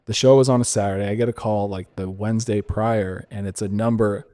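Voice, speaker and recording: A man's voice: lowish voice, fairly even intonation, brisk, warm tone. A young man from San Diego, a DJ guest in a casual interview, telling a story animatedly with many fillers, restarts and laughs. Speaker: guest DJ and producer.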